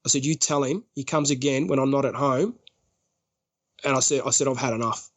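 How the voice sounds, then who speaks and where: A man's voice: medium pitch, a little fast. An Australian man on a podcast, telling a story casually and acting out what other people said. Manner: lively, acts out other people's lines, laughs often. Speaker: podcast guest.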